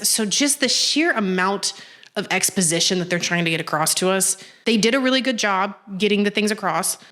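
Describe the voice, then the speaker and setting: A young woman giving casual commentary as a video essayist, fast-talking, animated and sarcastic. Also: medium pitch.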